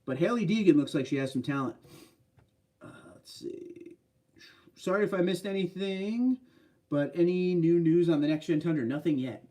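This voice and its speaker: Man, livestream host, casual chat, mellow voice, slightly distant mic. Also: fairly high pitch, normal speed. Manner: relaxed, chatty, reads and answers viewer comments. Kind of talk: casual live stream chat.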